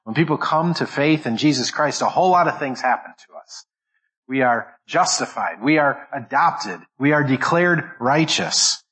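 A man's voice: medium pitch, animated, normal speed, fairly bright tone, low-quality recording. A man preaching a sermon as pastor, stressing each word and often repeating and restarting phrases as he goes. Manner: restarts and repeats words while thinking aloud.

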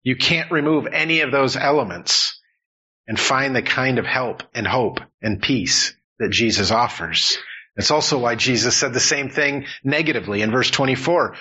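A male pastor delivers an earnest sermon, his voice bright and a little husky. He leans on repetition to build his points. The sound is slightly dull, like a modest church recording. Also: medium pitch, normal speed. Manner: earnest, emphatic preaching with repetitions.

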